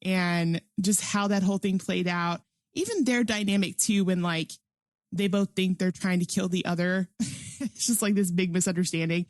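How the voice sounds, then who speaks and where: Recorded dry in studio quality, a woman with a lowish voice speaks at a moderate pace as a podcast co-host. Her casual movie review is enthusiastic and chatty, packed with "like," and she laughs frequently as she talks.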